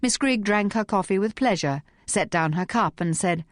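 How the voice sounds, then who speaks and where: A woman narrating an audiobook in a measured, even reading voice. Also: medium pitch, no echo, clean studio sound. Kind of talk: scripted narration.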